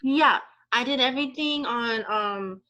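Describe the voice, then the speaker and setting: Student, female, a little high, bright tone, hesitant with lots of ums. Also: a little slow, highs cut off. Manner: hesitant, many fillers. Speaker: art student. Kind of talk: presenting her own work in class.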